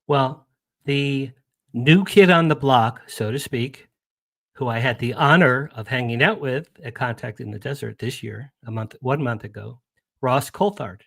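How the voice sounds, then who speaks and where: A man's voice: mid-range voice, a little slow, vocal fry, no room sound, studio quality. A man speaking as a guest on a radio show, chatty and enthusiastic, rambling with restarts. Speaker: guest, publicist. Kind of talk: casual radio interview chat.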